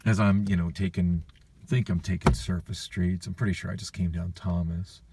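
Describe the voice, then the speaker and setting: A man's voice: deep voice, level tone, moderate pace, vocal fry, background noise. A man telling a long, frustrated, profane story in a rambling personal vlog, recorded on a phone with the voice a bit far from the mic. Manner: frustrated, profane, weary venting. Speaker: vlogger.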